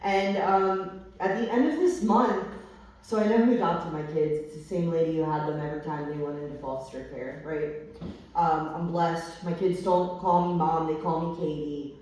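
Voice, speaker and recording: A deep, darkish voice at normal speed belongs to a young adult woman speaking at a recovery meeting. She tells her personal story to the group candidly, swearing and using many fillers, recorded on a distant mic in an echoey room.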